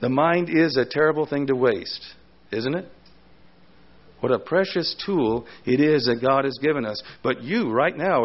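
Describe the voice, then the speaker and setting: A man's voice: medium pitch, muffled recording. An older man pastor preaching a sermon, often asking rhetorical questions of his listeners.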